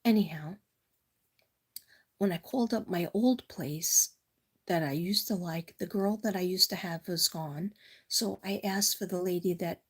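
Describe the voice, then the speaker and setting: A middle-aged tarot reader from Staten Island, with a New York accent and a husky, lowish voice, speaks at a measured pace. Her reading is casual and rambling, packed with personal stories.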